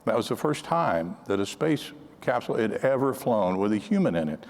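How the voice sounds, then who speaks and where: A man's voice: lowish voice, big pitch swings, moderate pace, big-room sound. An older man speaking at a conference, telling counterintelligence anecdotes in a conversational way, often restarting his sentences. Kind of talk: storytelling talk to an audience.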